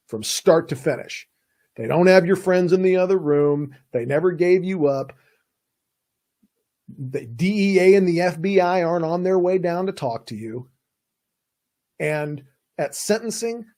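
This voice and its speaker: A man's voice: fairly high pitch, expressive, moderate pace, darkish tone. A man hosting a podcast as a defense attorney, giving emphatic, folksy advice in a casual monologue. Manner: emphatic, folksy, acts out quoted voices.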